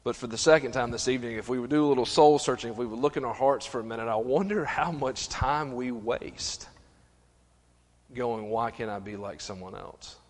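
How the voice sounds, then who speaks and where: A middle-aged man preaching a sermon, animated, stumbling and restarting, acting out voices. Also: mid-range voice, brisk. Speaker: pastor. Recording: long reverb of a church hall.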